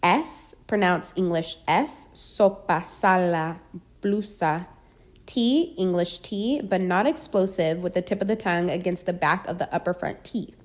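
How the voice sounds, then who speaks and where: A woman reading a scripted pronunciation lesson, deliberately enunciating each example word. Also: on the low side. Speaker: language teacher.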